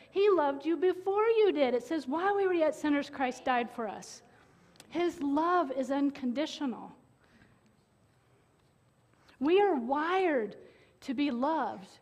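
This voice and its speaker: A woman with a high voice delivers an earnest, emotional sermon that carries a personal testimony. Her words ring out with a long reverb, as if in a large church hall. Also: a little mellow. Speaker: preacher.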